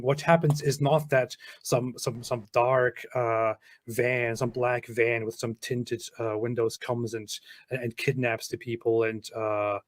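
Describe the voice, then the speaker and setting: A man's voice: medium pitch, no echo. A man with a German accent giving explanatory commentary, laying out his points methodically, step by step. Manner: methodical, breaks things down step by step. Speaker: video commentator.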